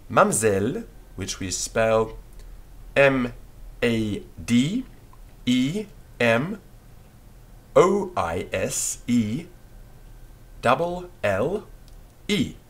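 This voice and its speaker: A man teaching a beginners' French lesson, dictating slowly and patiently and spelling words out letter by letter. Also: mid-range voice, sing-song.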